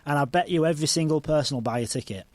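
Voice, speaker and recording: A man hosting a podcast, eager and excitable as he chats with a guest. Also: fairly high pitch, a loud crowd. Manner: eager and excitable, talks in quick bursts. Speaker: podcast host. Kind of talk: casual chat.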